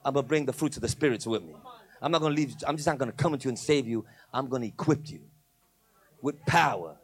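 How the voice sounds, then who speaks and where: A man preaching, taking on a deep, steady voice to speak as God. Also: fast talker, natural voice. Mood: assuring. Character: God speaking, calm and sure, male.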